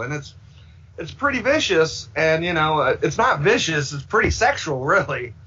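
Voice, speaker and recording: A man's voice: a little high, big pitch swings, moderate pace, sharp tone, husky. A man guesting on a podcast, rambling casually and acting out the voices he quotes. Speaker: filmmaker guest. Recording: dull lo-fi sound.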